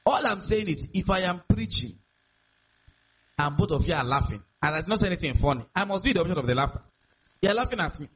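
Pastor guy preaching, husky voice, keeps asking "you get the point", kinda muffled lo-fi audio. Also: sits high, expressive, fast, fairly bright tone. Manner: emphatic, repetitive, rhetorical questions. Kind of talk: sermon. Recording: dull lo-fi sound.

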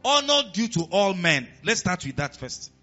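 A man with a Nigerian accent preaching a sermon as pastor, animated and often asking the congregation questions. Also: high voice, normal speed, highs cut off, soft background music.

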